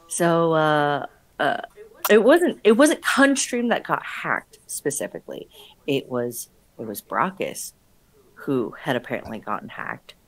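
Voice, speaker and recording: Tired streamer woman, lowish voice, loose rambling talk peppered with swearing and laughs. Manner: rambling, profane, laughs often. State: sleep-deprived. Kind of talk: casual stream chat.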